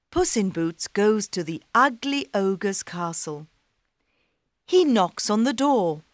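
A woman reading a children's story aloud, slow, clear and expressive. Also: lowish voice, no room sound, clean studio sound.

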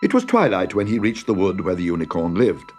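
A man reading a fairy tale aloud in an expressive, dramatic way. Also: sits low, fairly quick. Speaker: narrator. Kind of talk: storybook reading. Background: music.

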